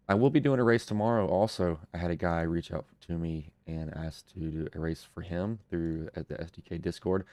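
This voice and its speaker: Congested and nasal from illness, a young broadcast host gives casual commentary on a racing stream, his low, mellow voice at a moderate pace with few pauses. His wrap-up talk rambles easily.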